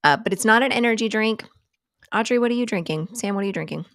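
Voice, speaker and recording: A woman's voice: fairly high pitch, quick pace, fairly bright tone, no room sound, clean studio sound. A woman hosting a casual live coffee chat, rambling and self-deprecating, joking and laughing often.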